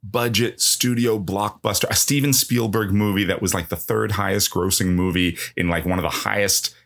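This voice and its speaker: A man's voice: on the low side, fairly even intonation, moderate pace, creaky, a bit bright. A man chatting casually on a film podcast, rambling and swearing, with frequent laughs. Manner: rambling, profane, laughs often. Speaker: podcast co-host, actor.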